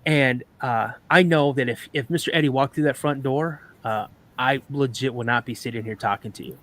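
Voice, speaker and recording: A man telling a personal story on a live podcast, animated, acting out sounds and voices as he goes. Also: medium pitch, moderate pace.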